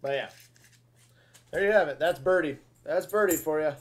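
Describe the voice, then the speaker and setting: Chatting casually with viewers on his live coin-hunting stream, a man talks in excitable slang, mixing easygoing chatter with loud cheers. He sounds a little high and speaks at normal speed, and there's a little hiss or hum.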